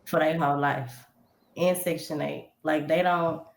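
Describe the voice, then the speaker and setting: A woman who is a panel guest, giving her views in a calm, measured way during a discussion. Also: sits low, gravelly, echoey room, slight background noise.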